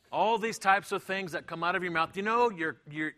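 A middle-aged man preaching a sermon in a high, bright voice. He talks with emphasis and repeats his points. Now and then he acts out the voices of the people he quotes. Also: big pitch swings, a little slow. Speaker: pastor.

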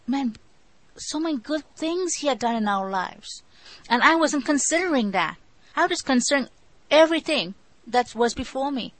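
Middle-aged woman preacher, higher voice, dry close sound, emphatic sermon delivery. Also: dry recording, poor audio. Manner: emphatic, mimics complainers in quotes.

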